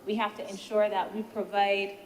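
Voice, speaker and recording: A woman senator, giving a measured, deliberate speech in a parliamentary debate and posing rhetorical questions. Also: mid-range voice, level tone. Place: senate chamber. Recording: reverberant chamber with faint background noise.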